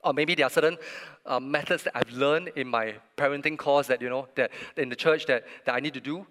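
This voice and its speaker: A man preaching a sermon, telling a family story in an earnest, animated way with emphatic pauses. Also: medium pitch. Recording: long reverb of a large hall.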